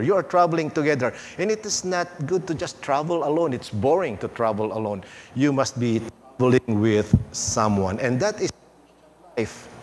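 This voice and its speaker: A male pastor preaching a sermon in a church, unhurried, with playful asides and emphatic pauses. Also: mid-range voice, slight background noise. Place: church sanctuary.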